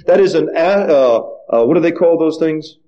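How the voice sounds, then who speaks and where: A man's voice: fairly high pitch, animated, normal speed, warm tone, dull audio. A male pastor preaching a sermon, asking the congregation questions and acting out the voices of the figures he quotes.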